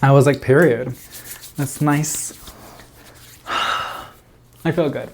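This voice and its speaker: A man's voice: a little high, fairly even intonation, extremely slow, a little hiss or hum. Chatty, rambling man vlogger. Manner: chatty and rambling, lots of "like" and giggles. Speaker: plant vlogger. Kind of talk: casual chat to camera. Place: indoor plant room with grow lights.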